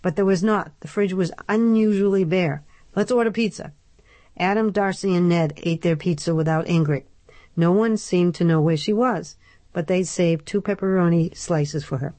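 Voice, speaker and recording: A woman reading a novel aloud in measured, even storytelling narration, close to the microphone. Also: lowish voice, dry recording. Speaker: audiobook narrator. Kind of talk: scripted narration.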